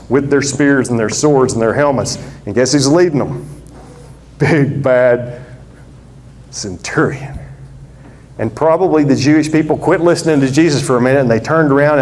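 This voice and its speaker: A man preaching a sermon, telling the story with lively drama and acting out the characters in different voices. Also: medium pitch.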